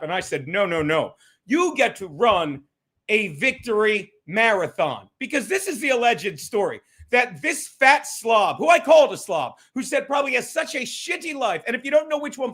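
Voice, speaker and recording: A man's voice: high-pitched, fairly bright tone. A man hosting a livestream, ranting profanely about critics and thanking viewers by name. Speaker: livestream host.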